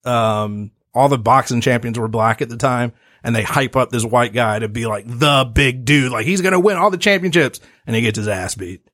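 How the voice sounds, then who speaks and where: A man in easy, rambling podcast chatter, his voice at an ordinary middle pitch. He laughs often and drifts through his explanations. The sound is close and dry. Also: moderate pace, few pauses, fairly bright tone, no room sound. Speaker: podcast co-host, contestant. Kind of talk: casual comedy podcast chat.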